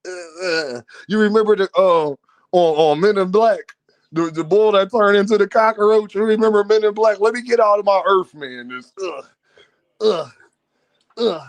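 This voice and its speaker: Animated man ranting on a livestream. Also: high-pitched, no room sound. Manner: animated, laughs often, talks to chat. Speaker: livestream host. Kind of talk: casual livestream rant reading donations.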